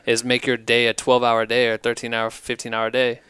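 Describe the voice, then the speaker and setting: Crisp, bright-voiced male podcast host. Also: medium pitch, brisk, no echo, clean studio sound. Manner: relaxed, slangy, backchannels a lot. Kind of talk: casual chat.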